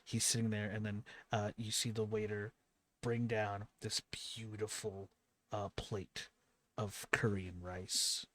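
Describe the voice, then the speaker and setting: A man's voice: lowish voice, flat delivery, slow, a bit bright, slight background noise. A man narrating as game master of a tabletop role-playing game, rambling with many fillers and restarts.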